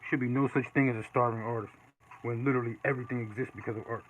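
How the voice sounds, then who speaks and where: A man casually chatting while he draws live, reading and answering viewer comments in a relaxed way. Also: mid-range voice, racing. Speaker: artist streaming live. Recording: dull lo-fi with faint noise.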